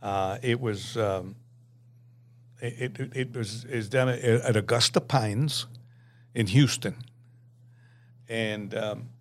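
A man in his eighties, a podcast guest telling stories in a lively way, laughing often and acting out the dialogue. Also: fairly low pitch, takes it slowly, pauses often. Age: 80s. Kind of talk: anecdotal storytelling.

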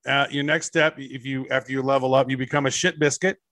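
A man's voice: medium pitch, fairly even intonation, fast, pushed and bright, no echo. A man co-hosting a podcast in casual chat, rambling and laid-back with crude humor. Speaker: podcast co-host.

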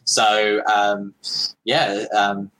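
A man co-hosting a casual livestream chat, easygoing, reading text a little haltingly. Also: fairly low pitch, level tone, a bit bright, rough recording. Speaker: co-host.

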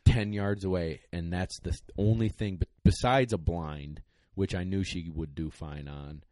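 A man's voice: low voice, a little slow, dry recording. A young man, a dog trainer, casually telling a podcast story in a rambling, emotional way with lots of fillers. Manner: rambling, excited, many fillers.

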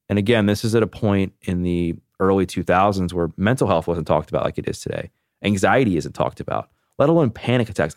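A man in his thirties, a podcast guest, telling his own story candidly in a casual, animated way, full of "like". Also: sits low, dry recording, studio quality. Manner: candid, animated, heavy use of "like".

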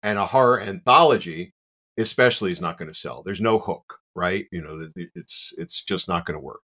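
A gruff, blunt older editor who waves off an idea without a second thought, as a man puts him on in his own low voice. The tone is flat and matter-of-fact. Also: brisk. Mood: dismissive. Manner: blunt, dismissive.

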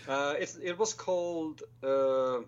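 A man's voice: fairly high pitch, slow pace, clean tone, dull audio. A man in his twenties with a Swedish accent, a filmmaker guest talking hesitantly and wryly, poking fun at himself. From Sweden. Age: 20s. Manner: self-deprecating, hesitant, wry. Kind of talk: casual interview chat.

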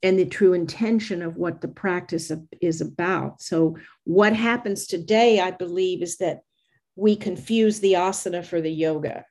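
An older woman with a Southern American accent, speaking slowly and thoughtfully as an interview guest. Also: on the low side, darkish tone. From United States. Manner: measured, slow, thoughtful delivery. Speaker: yoga teacher, interview guest. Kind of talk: reflective conversational interview.

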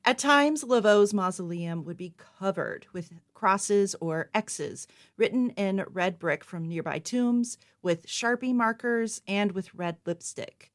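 A woman co-host reading a scripted history segment in an even, matter-of-fact way. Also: mid-range voice, slow pace. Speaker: podcast co-host.

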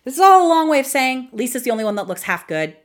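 A young woman hosts her own podcast in a loose, chatty way, her pitch swinging widely as she talks. She laughs often, leans on fillers, and gets openly emotional. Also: very animated, quick pace. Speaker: podcast host. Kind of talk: casual solo podcast chat.

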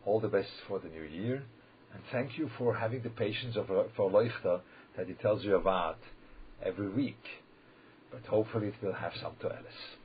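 Halting low-voiced man giving a sermon. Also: slight background noise. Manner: halting, repeats words and restarts often; checks in with listeners, asking "yeah?". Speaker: religious teacher. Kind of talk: holiday sermon. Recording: slightly dull lo-fi recording.

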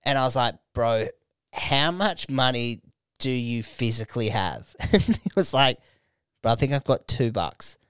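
Australian young guy, comedian on a podcast, spinning a sweary story with the quotes acted out, and his voice sounds smooth and dry, like it's close to the mic. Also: medium pitch, unhurried, no room sound. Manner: animated, swears a lot, acts out quotes. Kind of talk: casual storytelling chat. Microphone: studio microphone.

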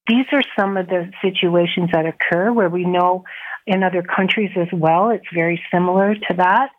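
A woman's voice: fairly low pitch, moderate pace. Woman's earnest voice over a tinny phone line. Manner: earnest, with restarts and soft laughs. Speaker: nurses' union president. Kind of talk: radio interview over the phone.

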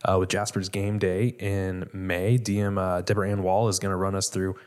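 Man, low pitch, podcast host, chatty, upbeat. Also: little pitch movement, normal speed, a little mellow, clear, resonant tone. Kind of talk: casual podcast interview.

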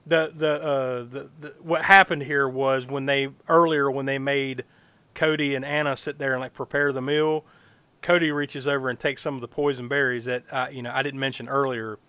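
Man, bright forceful voice, slightly high, excitable, swears a lot, laughs often, dry close sound. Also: normal speed, smooth, no room sound. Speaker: podcast co-host recapping a horror film. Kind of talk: casual chat.

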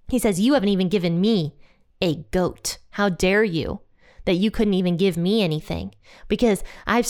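A woman's voice: mid-range voice, clean tone. A woman giving an informal sermon, speaking in an earnest, conversational and emphatic way. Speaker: speaker giving a church talk.

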